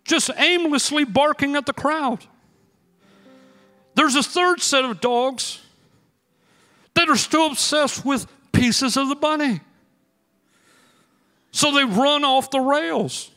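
A pastor preaching a sermon in a church, telling stories with energetic, emphatic bursts. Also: male voice, very high voice, slow pace, long pauses. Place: church sanctuary. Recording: long hall reverb with faint music.

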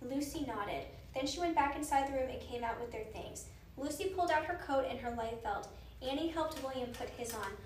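High-voiced woman reading a storybook. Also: fairly quick. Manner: expressive, animated reading. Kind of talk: reading a children's book aloud. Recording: roomy, distant mic, faint noise.

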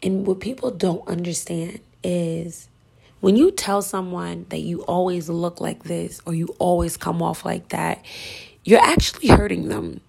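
A woman giving a spiritual sermon, intense and urging, often sinking into a hushed whisper. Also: on the low side, steady tone, unhurried, creaky, breathy edge. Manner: emphatic, urging. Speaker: spiritual speaker.

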